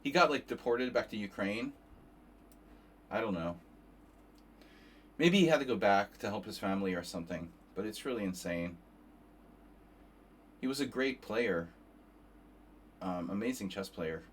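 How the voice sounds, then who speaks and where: Rambling male chess streamer, low-pitched, tired and profane, loose casual talk. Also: a little slow, pauses often, slight background noise. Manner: rambling and profane, many restarts.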